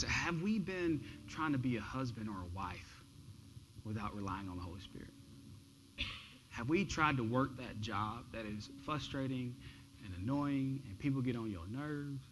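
A man preaching a sermon as pastor, earnest, often repeating words as he builds intensity and then drops low. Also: animated, normal speed, background noise. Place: church sanctuary.

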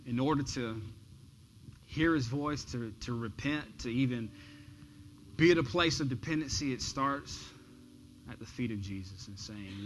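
A man preaching a sermon as pastor, earnest, often repeating words as he builds intensity and then drops low. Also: measured pace, a little hiss or hum, poor audio. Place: church sanctuary.

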